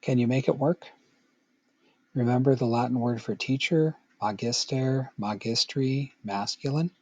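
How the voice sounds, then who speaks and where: A man's voice: mid-range voice, no echo. A middle-aged man teaching a recorded Latin grammar lesson, patient and playful, with joking asides to the student.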